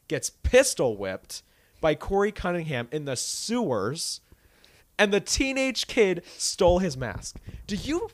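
A man's voice: mid-range voice, no echo. A man co-hosting a podcast, chatting casually and ranting with indignation. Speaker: podcast co-host. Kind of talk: casual chat.

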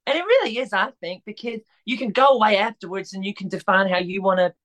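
A chatty woman talking casually on a podcast as a guest. She speaks in a relaxed, rambling way, with frequent fillers and restarts. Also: mid-range voice, fast. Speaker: podcast guest, drag performer.

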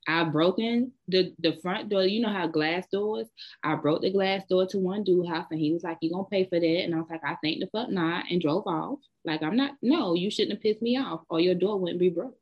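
A woman's voice: fairly low pitch, a little fast, dull audio. A woman with a Southern US accent, co-hosting a casual chat and telling bold, blunt stories. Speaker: podcast co-host.

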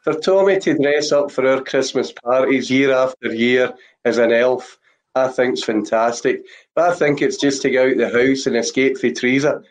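A man with a mid-range voice hosts a podcast and tells a story in relaxed, easygoing conversation. His delivery is plain and unhurried. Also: medium pitch, poor audio. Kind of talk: casual chat.

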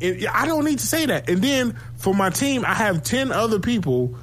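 A man chatting casually about football, animated and profane, telling stories and laughing often. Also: high voice, moderate pace, slight background noise. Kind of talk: casual sports chat.

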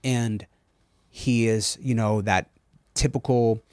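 A man in a podcast chat who tells stories with eager enthusiasm and drifts into tangents. His voice sits at an everyday middle pitch. The sound is dry and close, with no room echo. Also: steady tone, slow, a little mellow, smooth. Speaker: podcast co-host. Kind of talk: casual chat, storytelling.

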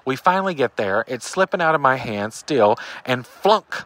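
A man telling a funny story in a voicemail. He talks with emphasis and acts out the shouted quotes. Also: medium pitch, big pitch swings, moderate pace. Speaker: caller leaving a voicemail story. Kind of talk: animated comic storytelling.

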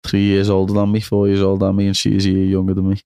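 A man's voice: sits low, completely flat delivery, quick pace, warm tone, clean tone, dry recording, studio quality. A young man with a Liverpool accent, chatting as a podcast guest and tagging on "know what I mean". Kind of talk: casual chat.

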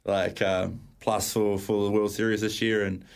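A New man chats in a laid-back, rambling way, full of likes and ums. His voice sits a little low. He sounds like a relaxed sportsman talking as a guest on a radio show. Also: moderate pace, gravelly. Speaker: studio guest, darts player. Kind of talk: casual chat.

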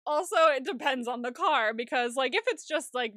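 A woman's voice: high-pitched, expressive, moderate pace, a bit bright, dry recording, clean studio sound. A woman co-hosting a podcast recap, chatting casually, giggling often and swearing freely. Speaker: podcast co-host.

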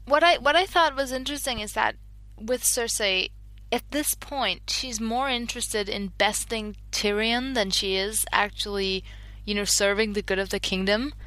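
A woman's voice: fairly high pitch, normal speed, bright, forceful tone, dry recording. A woman in casual podcast chat, analytical, sometimes searching for her words.

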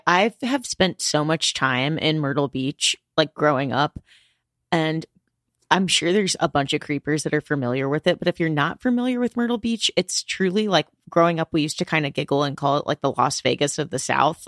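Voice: mid-range voice, fairly bright tone, no echo, clean studio sound. Rambling co-host reacting to a case. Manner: rambling, filler-heavy reactions. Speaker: podcast co-host. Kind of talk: casual conversation reacting to a story.

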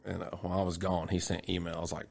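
Man in his 30s, gravelly, rapid-fire casual storyteller. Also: low-pitched, little pitch movement, a little mellow. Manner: fast, laughing, crude, says "bro" and "dude".

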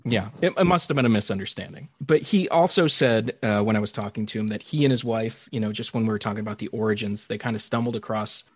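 A man's voice: on the low side, quick pace, few pauses, husky. A man hosting an interview podcast, reading an upbeat scripted intro and then asking questions. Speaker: podcast host.

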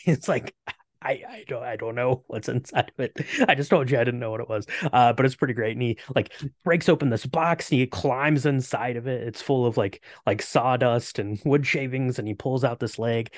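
A man talks through a favorite holiday movie in an easygoing, rambling way, dropping plenty of "uh"s as he goes. His voice sits at an ordinary middle pitch. The sound is dry and close. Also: no room sound. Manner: chatty, many "uh" fillers. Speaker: podcast co-host. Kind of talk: casual movie discussion.

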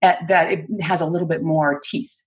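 Articulate woman with a low voice. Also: steady tone, fairly quick. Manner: articulate, explanatory, laughs easily. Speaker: guest, speech and credibility trainer. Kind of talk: interview answers.

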